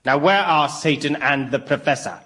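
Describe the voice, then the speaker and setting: A man's voice: fairly high pitch, moderate pace, a bit bright, lightly acted. An actor playing a prim, stern male angel in a radio comedy, talking dryly and accusingly.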